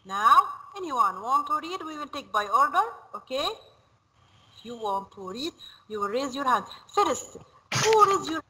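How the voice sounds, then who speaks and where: A woman leads a classroom lesson, her high voice bright and sharp. She drills each word again and again, slow and patient. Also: very animated, rough recording. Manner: repeats words slowly, drilling pronunciation. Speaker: French teacher. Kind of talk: classroom teaching. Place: school classroom.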